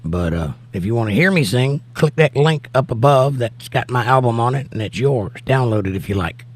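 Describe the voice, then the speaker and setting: A man with a hoarse, nearly worn-out voice hosts a casual livestream, joking easily with viewers and reading their comments aloud. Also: medium pitch, lively intonation, normal speed. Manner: easygoing and jokey, talking straight to viewers. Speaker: livestream host.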